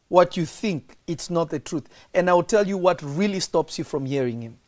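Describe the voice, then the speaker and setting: A man's voice: a little high, animated, normal speed, darkish tone. A man preaching as a prophet on a podcast, stressing and repeating key lines and quizzing his listeners.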